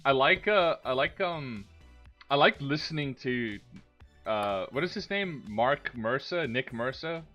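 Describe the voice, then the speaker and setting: A man's voice: medium pitch, animated, unhurried, sharp tone. A man co-hosting a casual podcast, rambling through opinions, swearing freely and laughing at his own stories. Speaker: podcast co-host. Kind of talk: casual chat. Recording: dull lo-fi sound, faint music.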